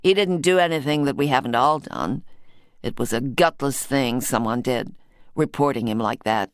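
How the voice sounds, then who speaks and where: A woman's voice: extremely low pitch, moderate pace, clean tone, no room sound, clean studio sound, voice pushed down. A woman voicing a wry American dealer. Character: chatty American woman antiques dealer, about fifty.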